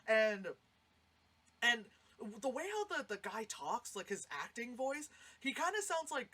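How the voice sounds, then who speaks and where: A woman's voice: a little high, moderate pace, slightly rough. A woman giving a casual, rambling spoken movie review, swearing freely and acting out lines. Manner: rambling, animated, swears freely, acts out quotes.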